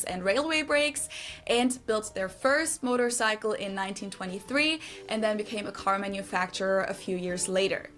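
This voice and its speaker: Woman explaining in clear English. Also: medium pitch, a bit bright. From Germany. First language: German. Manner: clear, informative, measured. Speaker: explainer in a played video. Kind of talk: scripted explanation.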